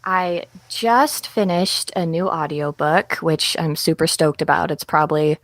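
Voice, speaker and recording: Woman in her twenties, voice actor, bubbly and self-deprecating, slightly low voice, dry sound. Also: fairly even intonation, unhurried, no echo. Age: 20s. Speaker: voice actor guest. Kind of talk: casual interview chat.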